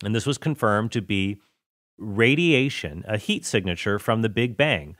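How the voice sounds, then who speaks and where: A man's voice: fairly low pitch, expressive, measured pace, a bit bright, no echo, clean studio sound. A man hosting a podcast, telling science stories in a chatty way and correcting himself as he goes. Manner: chatty, self-correcting storyteller. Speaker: podcast host. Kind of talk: casual solo podcast talk.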